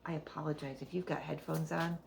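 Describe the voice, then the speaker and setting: A woman's voice: deep voice, steady tone, fairly quick, vocal fry, a little mellow, a little hiss or hum. A middle-aged woman giving a casual spiritual card reading, rambling and thinking aloud, often breaking into laughter. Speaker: oracle card reader.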